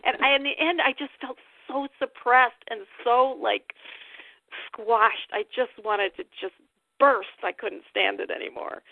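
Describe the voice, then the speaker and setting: A woman's voice: on the high side, fairly even intonation, unhurried, vocal fry, no echo. A woman on a group call talking candidly and emphatically about her feelings, laughing now and then. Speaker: call participant. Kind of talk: casual personal sharing. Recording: tinny phone line, dry.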